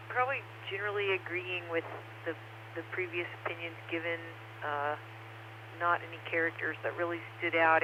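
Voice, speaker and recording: A woman giving hesitant, thoughtful commentary on a ham radio net, with many pauses and restarts. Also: low voice, a little hiss or hum. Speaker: net participant. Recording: dull ham radio transmission.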